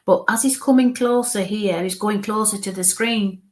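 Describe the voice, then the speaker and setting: Hushed, halting woman medium. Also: mid-range voice. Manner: halting, coaxing, murmurs soft asides. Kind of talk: live spirit reading.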